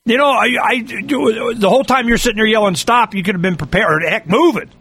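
A man delivering a rambling political monologue, full of fillers and animated asides. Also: high-pitched, a little fast, husky. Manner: animated, repetitive fillers, mimics yelling.

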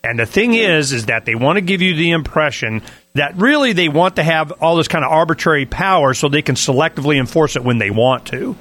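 A man's voice: fairly high pitch, expressive, a little fast, a bit bright, no room sound. A man hosting a talk radio show, brash and jokey, cutting in with quips.

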